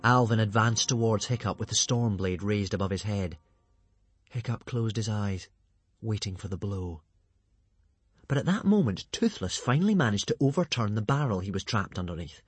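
Man reading a storybook aloud, lively. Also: lowish voice, normal speed, breathy edge, dry recording. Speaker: audiobook reader. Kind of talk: scripted storybook narration.

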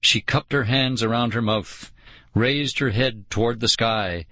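A man narrating an audiobook in a slow, dramatic storytelling manner. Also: medium pitch, bright, forceful tone, dry recording.

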